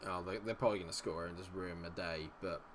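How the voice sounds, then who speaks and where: A young man commentating his own game on stream, muttering tensely and then yelling and swearing. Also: low voice, fairly even intonation, fast, slight background noise. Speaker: gaming streamer.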